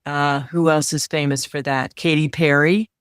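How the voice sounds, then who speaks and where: A middle-aged woman coaching on confidence in an interview, measured and instructive, repeating key phrases for emphasis. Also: deep voice, steady tone, smooth, dry recording, clean studio sound. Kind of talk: advice in interview.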